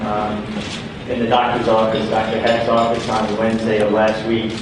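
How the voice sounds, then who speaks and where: A jockey announcing his retirement in a subdued, halting press statement full of fillers. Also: fairly low pitch, completely flat delivery, far from the mic. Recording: echoey room heard from afar with noise.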